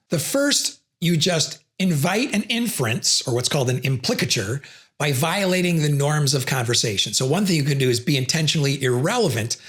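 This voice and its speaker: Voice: mid-range voice, a bit bright. A presenter explaining communication theory, who acts out sample refusals between the explanations. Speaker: educational video presenter.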